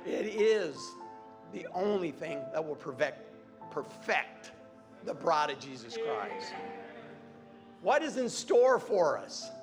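A man's voice: sits high, big pitch swings, slow, long pauses, music in the background. A man preaching a sermon, repeating phrases emphatically and building to fervent cries. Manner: preaching with rising fervor, repetitive emphatic phrasing.

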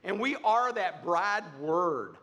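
Fervent high-voiced male preacher. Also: big pitch swings, takes it slowly, sharp tone. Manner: preaching with rising fervor, repetitive emphatic phrasing. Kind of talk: sermon.

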